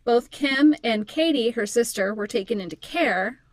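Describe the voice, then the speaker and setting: A woman reads a true crime story between bouts of laughing, teasing and swearing banter. Her voice is a bit high and sounds dry and close, with no room around it. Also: animated, moderate pace, no echo. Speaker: podcast co-host.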